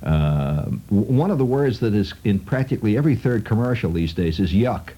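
A man's voice: fairly low pitch, lively intonation, normal speed, lo-fi sound, a little hiss or hum. A man hosting a radio show, delivering a wry, digressive monologue full of sardonic asides. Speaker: radio host.

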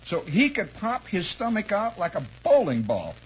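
A man's voice: high voice, normal speed, husky, low-quality recording. A man telling a humorous childhood story to listeners, chuckling often and acting out the scenes. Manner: chuckling, lively, acts out scenes.

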